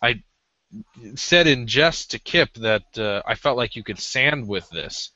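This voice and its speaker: Bright-voiced man chatting about cigars. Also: medium pitch, animated, unhurried, no echo. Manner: rambling, hesitant with many ums. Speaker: podcast co-host. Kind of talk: casual cigar review chat. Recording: dull lo-fi audio.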